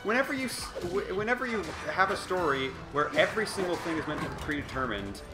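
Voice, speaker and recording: A man riffing as a let's play commentator, his talk meandering and sarcastic before climbing into heated, impassioned argument. His voice rings around a roomy space. Game music plays clearly behind him. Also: sits high, expressive, quick pace. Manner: sarcastic, rambling, rising to impassioned. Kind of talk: casual game commentary rant.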